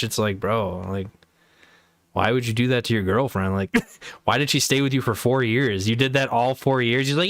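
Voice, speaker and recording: A man hosts a livestream of casual chat, telling stories full of slang and swearing, often bursting into laughter. His voice is ordinary in pitch, a bit bright, and moderately paced, and the sound is dry and close with no room echo.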